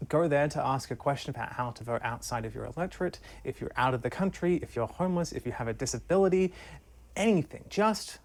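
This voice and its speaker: A speaker narrating a scripted civics explainer with playful jokey asides. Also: female voice, rumbling low, animated, fast, darkish tone.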